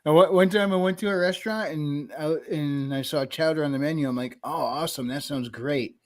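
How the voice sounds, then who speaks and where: A man from New England co-hosting a casual online stream, telling stories in a relaxed way. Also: fairly high pitch, a little fast. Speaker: stream co-host. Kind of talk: casual chat.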